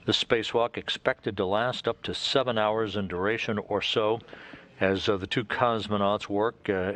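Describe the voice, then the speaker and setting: A man giving live broadcast commentary in a measured, informative way. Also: on the low side, fairly bright tone.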